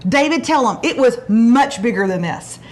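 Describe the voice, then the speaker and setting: Woman host, middle-aged, animated storyteller, higher voice. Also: normal speed. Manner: chatty storytelling, acts out quotes with big pitch jumps. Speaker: show host. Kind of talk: casual chat show.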